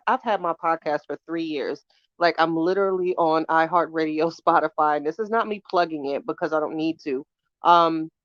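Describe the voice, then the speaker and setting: Hoarse, chatty woman live-streaming. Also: on the low side, no echo, lo-fi sound. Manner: chatty, greets viewers by name, talks to chat. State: hoarse from bronchitis. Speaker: podcast host doing a live stream. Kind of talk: casual live-stream chat. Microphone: phone.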